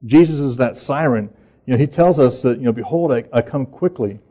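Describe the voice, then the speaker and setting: A man's voice: mid-range voice, brisk, warm tone, highs cut off. A man who is a pastor, preaching a sermon in an earnest, conversational way.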